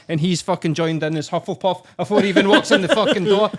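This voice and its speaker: A man's voice: sits high, fast, hardly any pauses. A Scottish man in his late thirties co-hosting a casual podcast, grumbling and swearing through a comic rant. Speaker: podcast co-host.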